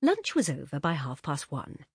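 A woman reading a literary story aloud as narrator in an expressive, measured way. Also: sits low, slightly rough, no echo, clean studio sound. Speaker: audiobook narrator.

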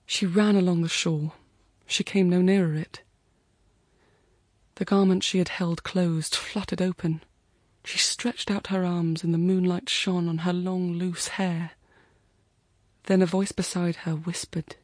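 A woman reading a story aloud in a slow, measured storytelling manner. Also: lowish voice, flat delivery, darkish tone, no echo, clean studio sound. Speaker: reader. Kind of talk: scripted story narration.

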